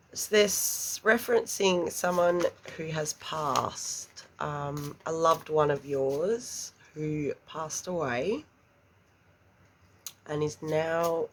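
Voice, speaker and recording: Female tarot reader, slow, breathy near-whisper with a gravelly texture, emotional delivery. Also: deep voice, a little hiss or hum. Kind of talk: slow, soft tarot reading.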